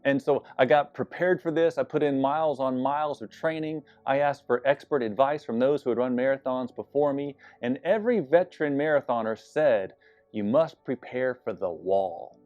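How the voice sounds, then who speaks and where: Speaking fairly quickly with few pauses, a medium-pitched man preaches as a pastor in a dry recording, telling an earnest, confessional personal story laced with self-deprecating humor. The sound is slightly dull and faint music plays in the background.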